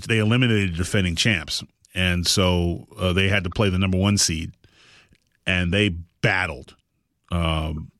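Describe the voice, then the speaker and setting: A man hosting a podcast, telling a long story in casual chat, animated and rambling with frequent restarts. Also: on the low side, no echo, clean studio sound. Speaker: podcast host.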